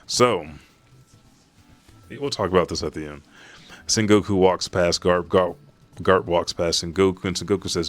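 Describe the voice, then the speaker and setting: A man hosting a manga reaction, retelling a chapter in a profane, animated way. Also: sits low, normal speed, pauses often. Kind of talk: casual chapter recap.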